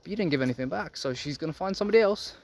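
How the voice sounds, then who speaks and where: Rapid-fire and on the high side, this young adult man's voice has lively intonation. A men's self-improvement vlogger, he lectures the men watching about dating to camera, bluntly, profanely, and preachily, calling them gentlemen.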